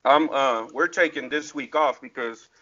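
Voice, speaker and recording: A man's voice: medium pitch, normal speed, highs cut off, very noisy. A man chatting casually on a livestream, blunt and laid-back with loose cursing. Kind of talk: casual chat.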